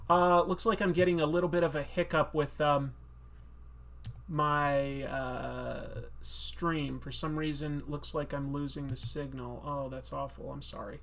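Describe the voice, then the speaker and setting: A man's voice: on the high side, flat delivery, measured pace, vocal fry, fairly bright tone. A man hosting a live stream, answering chat questions in a casual, self-deprecating, rambling way. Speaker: comic artist streamer.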